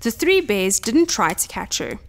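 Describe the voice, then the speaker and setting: A woman softly reading a bedtime fairy tale aloud in ASMR style, gentle and expressive. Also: fairly high pitch, measured pace, creaky. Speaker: storyteller.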